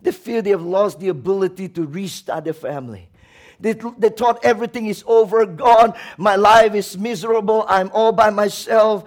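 A man preaching a sermon, swinging from loud, shouted lines to quiet, low passages and acting out laments with emotion. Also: steady tone, normal speed. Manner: acts out quoted prayers and laments with emotion. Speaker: pastor.

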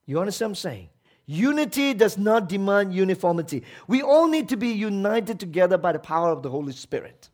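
A man's voice: high voice, sing-song, brisk, a little mellow. A man preaching a sermon as pastor, emphatic, asking the congregation rhetorical questions and acting out quoted voices.

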